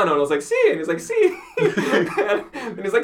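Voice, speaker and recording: A man, a podcast guest, telling animated stories in casual chat, acting out quotes and laughing often. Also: a little high, moderate pace, hardly any pauses.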